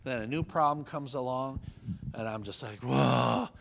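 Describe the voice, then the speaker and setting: A man preaching a sermon, telling a Bible story with lively, folksy humor and questions for the congregation. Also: mid-range voice, moderate pace. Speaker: pastor.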